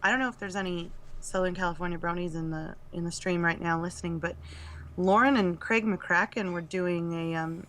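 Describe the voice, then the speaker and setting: A woman guest on a podcast, talking about running a convention in a chatty, upbeat way. Her voice sits a little low but sounds bright and forceful. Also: steady tone, a little fast, a little hiss or hum. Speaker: convention event director, guest. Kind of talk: casual chat.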